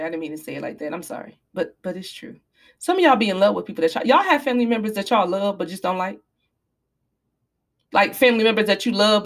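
Preachy woman podcaster, casual speech. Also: mid-range voice. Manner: animated, preachy, apologizing in mock fashion. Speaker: podcast host. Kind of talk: casual advice talk.

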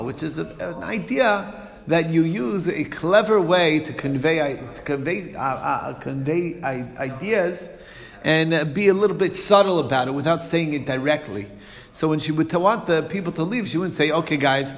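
A man teaching an informal Talmud lesson, talking in a halting way with many fillers and restarts. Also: fairly high pitch, animated, big-room sound.

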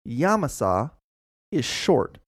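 A man's voice: mid-range voice, big pitch swings, slow, breathy edge, no echo, studio quality. A man co-hosting a casual podcast, playful and reciting odd facts with mock seriousness. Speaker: podcast co-host.

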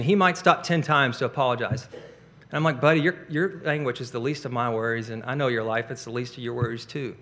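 A man's voice: fairly high pitch, bright, forceful tone. A man preaching a sermon in church, earnest and emphatic, leaning hard on repeated key words as he explains scripture.

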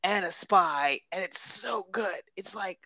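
A woman's voice: medium pitch, unhurried, pushed and bright, no echo. A young woman co-hosting a book podcast, chatting enthusiastically and laughing often. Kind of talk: casual chat.

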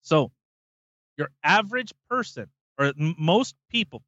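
Heated, swearing man, lively bright voice. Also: fairly high pitch, measured pace, no echo, dull audio. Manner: heated, swears freely, emphatic. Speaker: podcast co-host. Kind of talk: casual opinionated chat.

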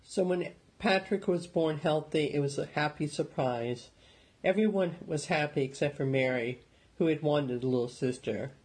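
A man narrating an audiobook in a steady, measured storytelling manner. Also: fairly high pitch, slightly rough, rough recording.

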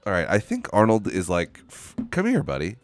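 A man's voice: low voice, huge pitch swings, a little fast, faint music behind. A man hosting a casual solo podcast, ranting with exasperation, swearing and rambling into a microphone. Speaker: podcast host. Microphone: studio microphone.

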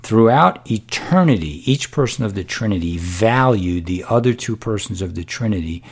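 Middle-aged guy preaching, really low voice, slow and emphatic, goes whispery sometimes. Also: animated, gravelly, breathy edge. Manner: unhurried, emphatic, drops to a whisper for stress. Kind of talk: sermon.

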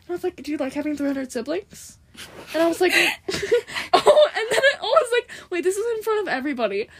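A woman's voice: very high voice, expressive, a little fast, slight background noise. A young woman in casual chat, telling stories with lots of giggling and quoted lines. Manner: giggly storytelling, quoting others.

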